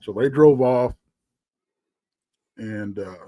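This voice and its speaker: A man with a Texan accent, telling a story as a guest, rambling and halting with lots of fillers. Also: mid-range voice, dark tone, no room sound. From Texas. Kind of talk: casual storytelling.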